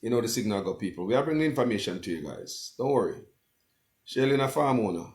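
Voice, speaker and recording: A man's voice: lowish voice, lively intonation, quick pace, darkish tone. Impassioned Jamaican man on a livestream. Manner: impassioned, keeps calling out to viewers as people. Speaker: blogger hosting a livestream. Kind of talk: livestream commentary with a phone-in guest.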